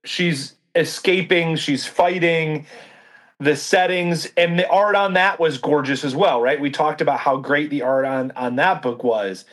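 A man's voice: on the high side, measured pace, fairly bright tone. A man co-hosting a casual book discussion, talking thoughtfully, hunting for the right word and often checking in with "right?". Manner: thoughtful, searching for words, frequent "right?" checks.

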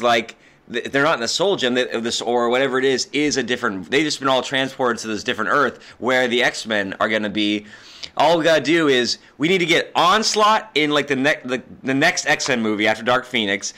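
Bright-voiced man rambling with "like". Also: mid-range voice, animated, fairly quick. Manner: rambling, many "like" fillers, self-mocking. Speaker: podcast co-host. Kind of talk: casual chat about comics.

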